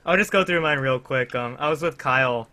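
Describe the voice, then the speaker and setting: Speaking a little fast at medium pitch, this young podcast co-host has a pushed, bright voice. He's in a casual chat among friends, rambling through a story with plenty of fillers and laughter.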